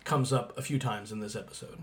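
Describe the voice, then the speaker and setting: A man's voice: fairly low pitch, fairly even intonation, fairly quick. Reflective man discussing a TV drama. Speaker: podcast co-host. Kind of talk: analytical casual discussion.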